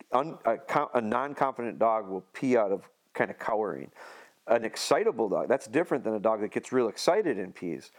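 A man's voice: lowish voice, darkish tone. A man casually explaining dog training on a podcast, leaning on homespun analogies and restarting his sentences often.

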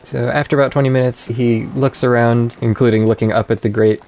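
Gravelly-voiced man narrating as game master. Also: mid-range voice, fairly even intonation, darkish tone. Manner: measured, descriptive narration.

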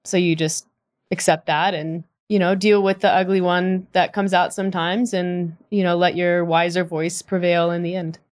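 Podcast co-host: a woman with a lower voice who offers calm, reflective comments. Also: moderate pace. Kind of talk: casual conversation.

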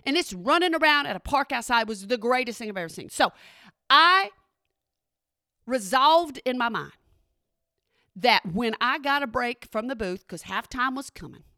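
A middle-aged woman telling a story in a chatty, animated way and often checking in with her listeners. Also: a little high, normal speed, pauses often, no room sound, studio quality. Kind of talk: casual spoken storytelling.

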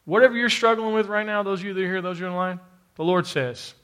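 Emphatic male preacher, somewhat high voice. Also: steady tone, fast, fairly bright tone, clean tone. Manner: emphatic, repetitive, addresses the congregation directly. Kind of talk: sermon. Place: church, to a live congregation with an online audience.

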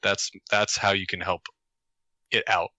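A man's voice: low-pitched, little pitch movement, measured pace, pushed and bright, dry recording, rough recording. A man co-hosting a casual live chat show, joking around and rambling through his answers. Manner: jokey, rambling, restarts sentences. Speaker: co-host, game runner.

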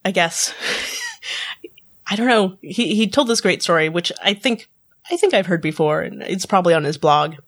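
A woman's voice: lowish voice, lively intonation, moderate pace. A woman chatting casually on a podcast, laughing often and restarting her words. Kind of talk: casual chat.

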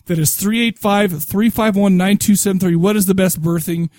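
A man's voice: high-pitched, steady tone, normal speed, darkish tone, no echo. A man hosting a podcast in loose, rambling, profane chat. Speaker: podcast host.

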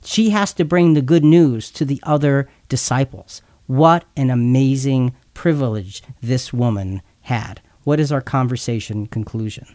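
A man's voice: medium pitch, a little slow, few pauses, darkish tone, no room sound, clean studio sound. A man teaching a Bible passage in an earnest, explanatory way, sometimes stumbling and repeating words. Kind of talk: explanatory scripture talk.

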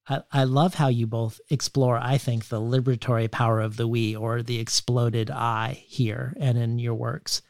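A man interviewing guests, setting up questions carefully and deliberately with literary references. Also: medium pitch, fairly even intonation, dry recording, studio quality. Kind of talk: prepared interview questions with read quotations.

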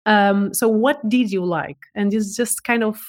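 A woman's voice: medium pitch, measured pace, darkish tone. A woman guest speaking as a voice expert in a casual interview, enthusiastic and given to restarts and repeated words.

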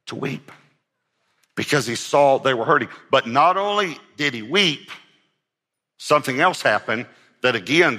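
A male pastor delivers an earnest sermon, leaning hard on repeated phrases to press his points. His voice is bright and forceful at a middle pitch. It carries a long, lingering reverb from a large hall.

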